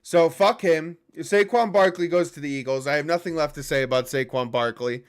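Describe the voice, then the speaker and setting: Young guy with a high voice, swearing constantly, ranting hard about football. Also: brisk. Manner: profane, ranting, heated. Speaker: podcast host. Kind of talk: casual sports chat.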